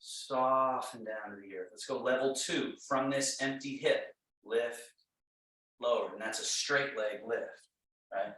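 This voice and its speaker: A man teaching a tai chi class, giving calm, repetitive movement cues. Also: mid-range voice. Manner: calm, slow, repetitive cueing. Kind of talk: guided exercise class instruction. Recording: very echoey room, mic far off.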